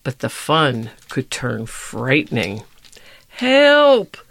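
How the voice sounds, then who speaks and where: Brief: gentle storyteller, slow-paced, gravelly voice, reading a picture book aloud. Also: mid-range voice, no room sound.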